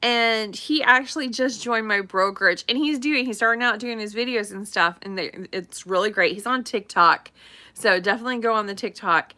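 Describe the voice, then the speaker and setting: A woman's voice: a little high, normal speed, pushed and bright. A middle-aged woman, a real estate agent chatting casually on a live stream, rambling and laughing often.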